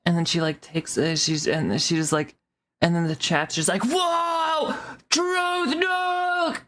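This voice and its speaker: Woman streamer ranting casually at chat, lots of restarts n swearing, deep-ish voice. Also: steady tone, unhurried, pauses often, a bit bright. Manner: rambling, swearing, many restarts.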